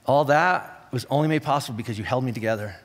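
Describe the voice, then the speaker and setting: Animated man preaching in a reverberant church. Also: mid-range voice. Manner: conversational, animated preaching with quick restarts. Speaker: pastor. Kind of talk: sermon. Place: church auditorium. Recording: long reverb of a church hall.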